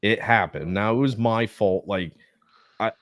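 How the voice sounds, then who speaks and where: Deep-voiced man, dry close sound. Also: a little slow, dry recording. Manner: profanity-heavy rambling storytelling. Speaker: podcast co-host. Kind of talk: casual chat.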